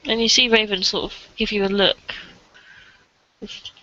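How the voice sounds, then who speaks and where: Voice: medium pitch, flat delivery, moderate pace, sharp tone. A player narrating their character's actions in a tabletop role-playing game in a casual, plain way, on a dull lo-fi recording.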